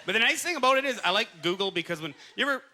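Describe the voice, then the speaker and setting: Lively high-voiced Canadian stand-up comedian. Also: male voice, racing. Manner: animated, laughing through punchlines, acts out buddies' voices. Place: comedy club stage before a live audience. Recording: live club set, loud crowd noise. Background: loud audience laughter.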